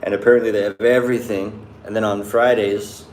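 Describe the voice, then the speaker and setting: A young Canadian man talks loosely to his live-chat viewers, his voice sitting a little low with little pitch movement. He moves fairly quickly, drifting and restarting and stringing thoughts together with "like." The room is echoey, with a faint hiss behind him.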